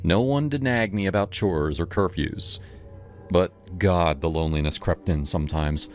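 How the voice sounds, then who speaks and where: Casting: deep male horror narrator, steady first-person storytelling, voice over a loud music bed. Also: normal speed.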